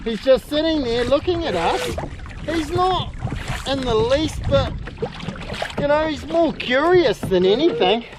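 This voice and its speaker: A middle-aged man with a New Zealand accent, narrating an excited outdoor vlog from a kayak at sea and often calling out loudly. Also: very high-pitched, measured pace. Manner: excitable, exclaiming, calls out loudly. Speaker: kayak fishing host. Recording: wind and water noise.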